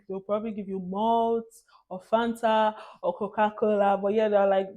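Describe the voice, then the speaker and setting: Young Nigerian woman vlogger, Nigerian accent, chatty and expressive, laughs a lot, drops into Pidgin phrases. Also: fairly high pitch, fairly quick. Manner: animated, laughs often, mixes in Nigerian Pidgin. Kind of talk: casual storytelling monologue.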